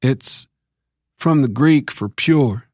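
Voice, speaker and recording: A man voicing a calm, enigmatic preacher with a Texan accent who talks slowly and draws out his vowels. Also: mid-range voice, no room sound, clean studio sound, voice pushed up. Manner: slow, measured, drawn-out vowels.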